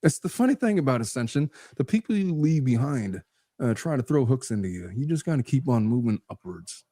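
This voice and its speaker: A man's voice: medium pitch, sing-song, fairly quick, mellow, no room sound, clean studio sound. A man in his forties, a lawyer guest, talking in a blunt, wry, philosophizing way during a casual chat.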